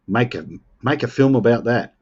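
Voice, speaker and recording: A man's voice: medium pitch, moderate pace, husky, dull audio. An Australian man chatting casually with viewers on a live stream, joking and playfully defending himself. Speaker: livestream host.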